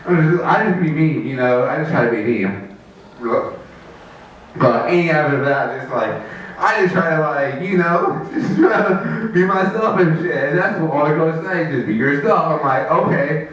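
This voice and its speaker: A man doing rambling stand-up at an open mic, packing his stories with "like" and squeaky quoted voices. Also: normal speed, fairly bright tone, far from the mic. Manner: rambling, fillers of "like", high mock voices for quoted friends. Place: small open mic venue. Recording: very echoey room, mic from afar.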